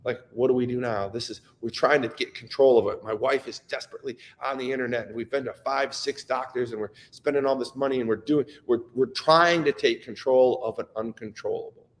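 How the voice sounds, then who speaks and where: A man's voice: mid-range voice, brisk, hardly any pauses, in a large hall. A middle-aged man giving an earnest, emotional motivational talk, often repeating himself and restarting his sentences. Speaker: speaker sharing personal stories.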